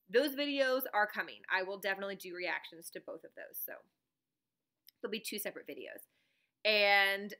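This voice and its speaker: A woman chatting to her viewers from home, rambling from point to point and laughing often. Her voice is bright and forward, sitting a little high. She talks straight to a camera mic in a relaxed, unscripted way. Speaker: teacher and reaction vlogger. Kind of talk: casual chat to viewers.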